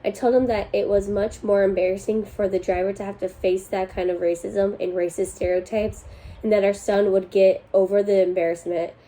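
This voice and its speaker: A young woman hosts a casual chat and reads forum posts aloud with a mellow, unhurried warmth. She laughs easily between lines and keeps her pitch in an ordinary middle range. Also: level tone, poor audio. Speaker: host reading online posts.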